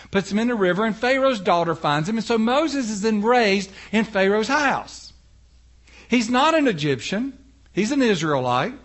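A man's voice: high voice, fairly bright tone. A male preacher retelling a Bible story in a folksy, conversational sermon, talking straight to the congregation.

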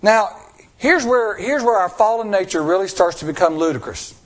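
This sermon comes from a male pastor who asks rhetorical questions of his flock and plays out the voices of those he quotes, all with plenty of expression. His pitch sits high and his pace is normal.

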